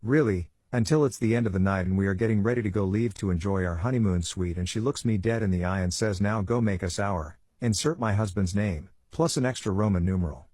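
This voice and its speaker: A man narrating a bedtime story with a steady, even storytelling delivery. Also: fairly low pitch, fast talker, hardly any pauses, no room sound.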